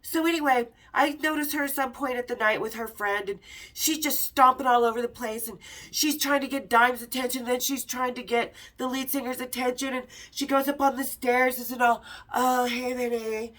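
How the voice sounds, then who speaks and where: A woman's voice: high voice, fairly even intonation, a little fast, fairly bright tone, recorded from a distance. A middle-aged woman hosting a podcast, telling a story in a casual, frank and profane way and acting out the quoted dialogue. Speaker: podcast host.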